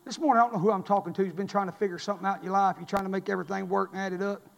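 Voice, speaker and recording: High-voiced preacher in a hall. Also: male voice, fairly even intonation, racing, vocal fry, muffled recording. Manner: impassioned, swings from loud preaching to hushed pleading. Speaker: pastor. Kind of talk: sermon. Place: church sanctuary.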